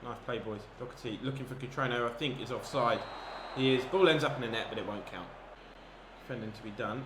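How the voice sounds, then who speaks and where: A man commentating on his own football video game match, chatty and easily excited, breaking into shouts at big moments. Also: medium pitch, fairly quick. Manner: excitable, bursts into shouts at chances. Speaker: gaming commentator. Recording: echoey room with background noise.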